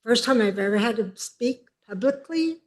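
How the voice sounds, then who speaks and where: A woman in her seventies speaking at a city council meeting, emphatic and upset, pausing as she tries to hold herself together. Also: on the high side, lively intonation. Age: 70s. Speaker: public commenter. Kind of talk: public comment at a council meeting.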